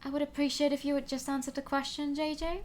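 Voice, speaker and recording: A woman's voice: high-pitched, little pitch movement, fast talker, darkish tone, slight background noise, voice pushed up, close to an everyday voice. A woman voicing a smug, probing male bird prosecutor in a game.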